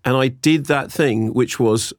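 A man's voice: medium pitch, a little slow, dry recording, clean studio sound. A British man co-hosting a podcast, chatting casually about films and telling stories with acted-out quotes. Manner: animated storytelling, acts out quoted voices. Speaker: podcast co-host. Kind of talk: casual film chat.

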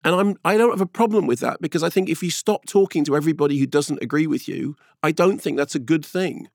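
A middle-aged man from England in casual chat, telling stories in an animated, emphatic, loud way. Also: a little high, fast talker, no room sound, studio quality. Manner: animated, emphatic storyteller who talks loudly.

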